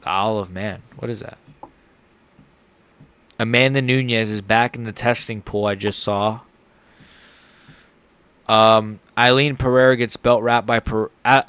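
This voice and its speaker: A man streaming a live fight reaction, excitable and joking, often blurting out swear words. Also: mid-range voice, clean tone, no room sound.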